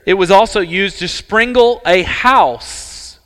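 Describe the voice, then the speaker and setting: A man preaching a sermon as pastor, earnest and emphatic, with dramatic pauses. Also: high-pitched, fairly bright tone. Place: church sanctuary. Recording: church hall reverb.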